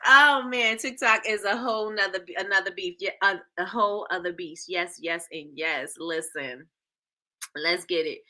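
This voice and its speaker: A woman's voice: fairly low pitch, fairly even intonation, normal speed, bright, forceful tone. A woman hosting a live-stream show in casual chat, reading comments aloud, laughing often.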